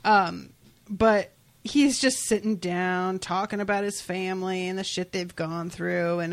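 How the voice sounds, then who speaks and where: A woman's voice: on the low side, fairly even intonation, measured pace. A woman co-hosting a casual podcast, retelling a comic story and quoting its characters, often laughing. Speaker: podcast co-host. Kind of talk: casual chat recapping a comic.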